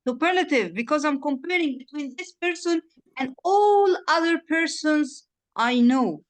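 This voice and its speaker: A woman's voice: high voice, lively intonation, a little slow. Patient woman tutor drilling vocabulary. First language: Arabic. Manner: clear, patient, drills words and checks understanding. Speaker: English tutor. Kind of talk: one-on-one online lesson.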